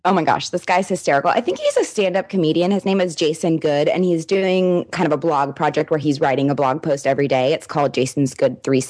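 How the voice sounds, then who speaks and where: A young mother talks in a low voice during a casual chat. She rambles and giggles, and she fills her sentences with ums. She sounds loose and unhurried. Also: a little mellow. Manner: rambling, giggly, full of fillers. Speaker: co-host, parent.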